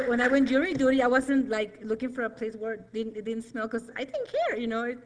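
A woman's voice: a little high, low-quality recording. A middle-aged woman giving a nervous, rambling, emotional personal testimony in church.

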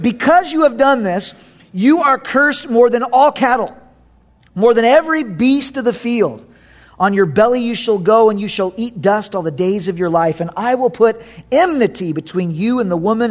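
A man pastor preaching a sermon, reading scripture and joking, with sudden dramatic swings in his delivery. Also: sits high.

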